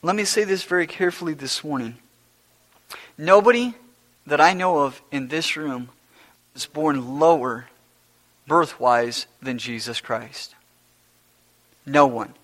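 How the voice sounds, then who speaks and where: A male pastor delivers a sermon in a high-pitched voice to a church congregation. He stresses key points through repetition, dropping to a near hush before building back to loud declarations. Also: unhurried, pauses often. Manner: emphatic and repetitive, swinging between hushed and loud.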